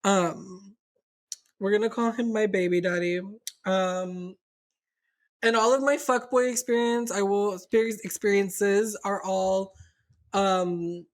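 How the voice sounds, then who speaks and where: On a podcast she co-hosts, a young adult woman tells a candid story in casual chat, rambling, swearing and using lots of fillers. Her mid-range voice is slow, with fairly even intonation.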